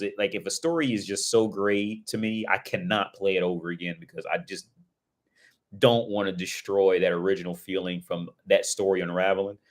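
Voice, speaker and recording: A man chatting casually on a livestream, rambling with lots of filler words and swearing, breaking into excited outbursts. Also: mid-range voice. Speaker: streamer.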